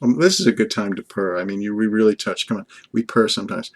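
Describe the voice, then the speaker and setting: A man's voice: lowish voice, fast, noisy background. An older man from Long Island talking earnestly and fondly in a rambling vlog monologue, addressing an unseen companion. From Long Island, USA. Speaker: vlogger.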